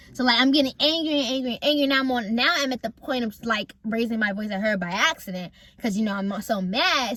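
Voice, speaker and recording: A young woman from North Carolina tells a personal story to her viewers in casual, animated chat, swearing often and swinging between loud anger and quiet mumbling. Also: medium pitch, no echo. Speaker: vlogger telling a story.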